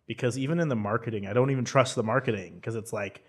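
A young man co-hosting a movie podcast, talking excitedly and rambling, laughing often. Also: medium pitch, fast. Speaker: podcast co-host. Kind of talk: casual chat about movies.

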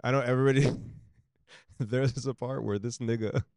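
A man co-hosting a podcast in casual chat, telling stories in a profane, animated way into a close podcast mic. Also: medium pitch, normal speed, no echo. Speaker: podcast co-host.

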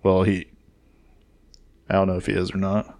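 A man's voice: low-pitched, monotone, normal speed, a little mellow. A man in casual chat about wrestling, laid back and full of fillers as he recaps the week's news.

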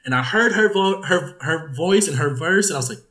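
A young man tells lively stories and swears freely as he co-hosts a casual podcast. His voice sits fairly high. The room around him echoes. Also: a little fast. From Detroit. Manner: animated storyteller, swears freely. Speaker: podcast co-host. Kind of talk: casual chat.

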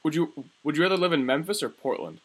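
A man's voice: on the high side, very animated, quick pace, a bit bright, breathy edge. A young man in his early twenties co-hosting a podcast, talking sports casually, swearing freely and filling gaps with "like". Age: early 20s. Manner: loose, swearing, hesitant fillers. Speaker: podcast co-host.

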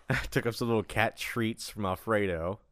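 A man talking in an easy, joking way on a casual podcast. His voice is bright and jumps around a lot in pitch. The sound is dry and close. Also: wildly swooping pitch, measured pace, dry recording. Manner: playful, laughs often, acts out animal voices. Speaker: podcast co-host. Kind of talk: casual chat. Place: apartment room.

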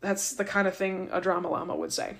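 A woman's voice: on the low side, fairly even intonation, brisk, creaky. A woman hosting a podcast, retelling a Bible story in a casual, joking way with slangy asides. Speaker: podcast host.

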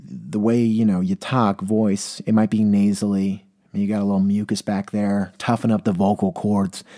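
Rambling young man, mellow low voice. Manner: rambling, self-deprecating, with many restarts. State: a little congested from a cold. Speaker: podcast host. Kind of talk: casual solo podcast monologue.

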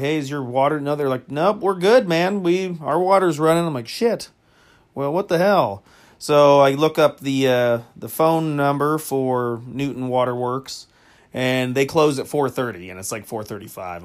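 A man's voice: mid-range voice, normal speed. A man hosting a comedy podcast, telling a crude story casually, with lots of fillers and frequent laughter. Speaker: podcast host.

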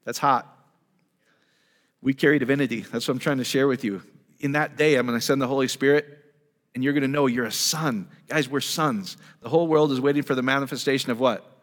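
A man's voice: medium pitch, steady tone, a little fast. A man preaching a teaching sermon in a church hall, enthusiastic and conversational, firing off rhetorical questions to the congregation. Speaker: pastor. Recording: long reverb of a large hall.

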